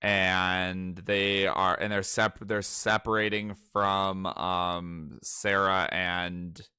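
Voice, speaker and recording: A young man talks through manga chapters in a loose, profane rush, with a slightly low but bright, cutting voice. The sound is dry and close, with no room around it. He gets worked up and slips into mocking voices. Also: drawn-out words, clean tone, no room sound. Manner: profane, excitable, breaks into mock character voices. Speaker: podcast co-host. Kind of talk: casual chat reading manga aloud.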